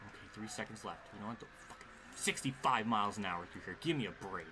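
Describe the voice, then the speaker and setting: A man's voice: on the low side, quick pace. A man streaming a racing game live, commenting in an exasperated way, swearing often and laughing at himself. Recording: clear background noise.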